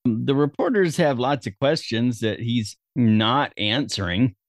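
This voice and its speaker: A man's voice: medium pitch, lively intonation, measured pace, no room sound, studio quality. A man hosting a casual film review chat, summarizing the plot with wry jokes. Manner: summarizing, wry, laughs easily. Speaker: podcast host.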